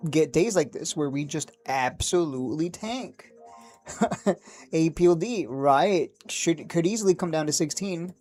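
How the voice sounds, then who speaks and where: A man hosting a stock trading livestream, talking casually and excitably, rambling, cursing now and then, and laughing at his own jokes. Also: a little high. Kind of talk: live market commentary.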